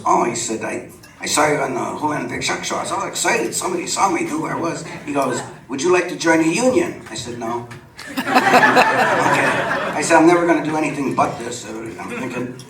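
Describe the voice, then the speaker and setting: A man's voice: medium pitch, a bit bright. Older man telling stories in a club. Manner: chatty, laughs often, acts out quoted dialogue. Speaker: guest storyteller. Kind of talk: live on-stage storytelling. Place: supper club stage before an audience. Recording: roomy venue sound from a distant mic with background noise.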